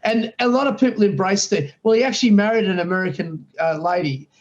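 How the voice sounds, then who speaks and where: A man in his late sixties with an Australian accent talks fast in a high voice, with the highs cut off in the recording. As a guest in a casual interview, he tells rambling stories and restarts his sentences often.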